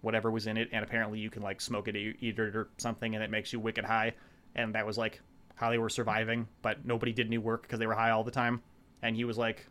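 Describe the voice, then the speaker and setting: A man in casual chat, recapping a show in a rambling, profane way and quoting the characters in quick voices. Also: fairly low pitch, completely flat delivery, fairly bright tone.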